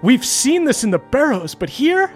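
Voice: high-pitched, big pitch swings, normal speed, faint music behind, voice pushed up. A game master voicing a pompous noble politician. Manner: grandiose speechmaking. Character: pompous aristocratic male politician.

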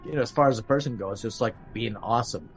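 A man's voice: mid-range voice, quick pace, soft background music, low-quality recording. Rambling man recapping a horror film. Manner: rambling, many fillers, acts out quotes. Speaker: podcast host.

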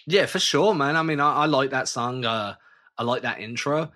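Laid-back, bright-voiced male co-host. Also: mid-range voice, normal speed. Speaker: podcast co-host. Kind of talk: casual sports podcast chat.

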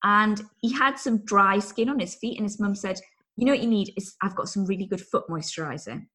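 A woman's voice: mid-range voice, fairly quick, a bit bright. Chatty woman telling stories. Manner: chatty storyteller, giggly, self-mocking. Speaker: podcast co-host. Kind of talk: casual chat.

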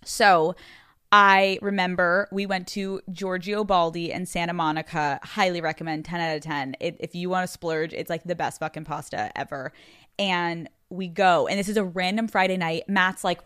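A woman's voice: fairly low pitch, steady tone, moderate pace, a bit bright, clean tone, no room sound. Young woman host spilling a story, chatty and sweary, dry close sound. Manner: frank, profane, chatty storytelling. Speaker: podcast host being interviewed. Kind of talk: casual candid conversation.

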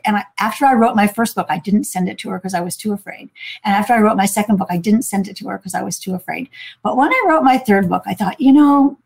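A woman tells a long story as a guest author in a relaxed conversation, and her delivery is lively. She acts out the quoted voices in her story, and the sound has the plain feel of a video call. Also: medium pitch, vocal fry, husky. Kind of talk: storytelling in a casual chat.

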